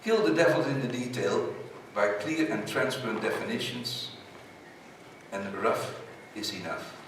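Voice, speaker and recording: A man's voice: mid-range voice, animated, a little slow, a bit bright, slight background noise. A man whose first language is Dutch gives a conference talk in English, emphatic with short slogan-like points. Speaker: conference speaker. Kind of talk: conference presentation. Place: large conference hall. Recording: echoey hall, speaker far from mic.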